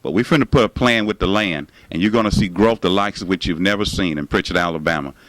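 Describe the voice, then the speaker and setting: A man's voice: low voice, quick pace, fairly bright tone, dry recording, poor audio. A man giving an emphatic, repetitive campaign speech as a city mayor. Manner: emphatic, repetitive rally rhetoric.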